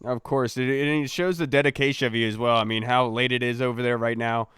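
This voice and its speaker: A man's voice: mid-range voice, fairly even intonation, fairly quick, a bit bright, smooth, no room sound, studio quality. A man hosting a casual sports podcast, speaking in an upbeat, chatty way. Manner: upbeat sign-off patter. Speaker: podcast host.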